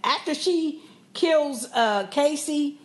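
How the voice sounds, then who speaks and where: A woman's voice: high-pitched, slow. A woman co-hosting a podcast, chatting casually as she animatedly retells a TV episode. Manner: animated storyteller, acts out quotes. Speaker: podcast co-host. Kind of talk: casual TV recap chat.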